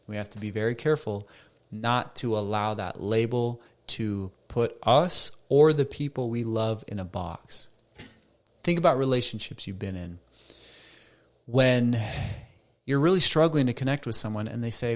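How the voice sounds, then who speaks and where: Speaking at a moderate pace in a mid-range voice, this middle-aged man runs his own podcast as a counselor. His tone stays conversational as he poses rhetorical questions and performs quoted voices.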